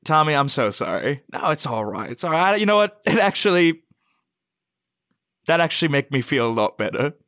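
Animated man hosting an improv comedy bit. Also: fairly high pitch, normal speed, no echo, studio quality. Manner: animated, exasperated, switching between characters. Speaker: podcast host.

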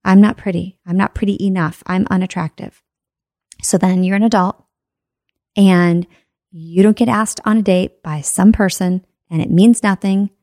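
A woman's voice: medium pitch, fairly even intonation, moderate pace, mellow, dry recording, clean studio sound. A woman giving a motivational talk on personal growth, emphatic, with rhetorical questions and checks like "right?".

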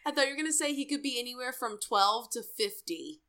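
A woman's voice: on the high side, lively intonation, sharp tone. A woman in casual chat, reacting with short, dry jokes. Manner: dry, quick one-line quips. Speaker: podcast co-host.

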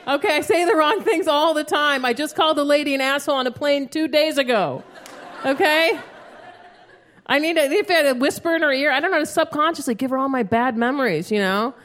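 High-voiced woman doing stand-up. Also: brisk, some chatter behind. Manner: profane, animated storytelling with acted outbursts. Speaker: stand-up comedian. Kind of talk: stand-up comedy set. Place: comedy club stage before a live audience. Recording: live show with audience noise.

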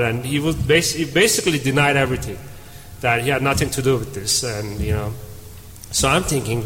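A man's voice: mid-range voice, brisk. A man on a conference panel telling a story and acting out the dialogue as he goes. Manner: animated storyteller, acts out dialogue. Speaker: panel speaker. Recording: reverberant hall, faint room noise.

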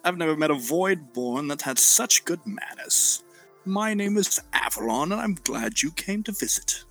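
A man voicing a tall, gracious fantasy woman who speaks softly and courteously. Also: fairly low pitch, lively intonation, normal speed, creaky, soft background music, pitched above the performer's own voice, full character voice, low-quality recording. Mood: welcoming. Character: eight-foot-tall woman with flowing red hair, gracious.

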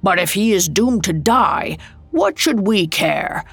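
A woman reading a storybook, voicing a towering stern male Christmas spirit who speaks gravely and with reproach. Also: mid-range voice, very animated, slow pace, fairly bright tone, full character voice. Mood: scolding.

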